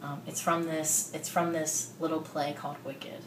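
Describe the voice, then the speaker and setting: A woman's voice: low voice, little pitch movement, normal speed. A young woman chatting jokingly in a mock-serious way. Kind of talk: casual chat.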